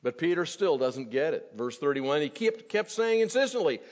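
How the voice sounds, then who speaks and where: A man's voice: a little high, big pitch swings, moderate pace, few pauses. A man preaching an earnest expository sermon to his congregation, his voice rising when he quotes scripture. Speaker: pastor. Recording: dull, long hall reverb.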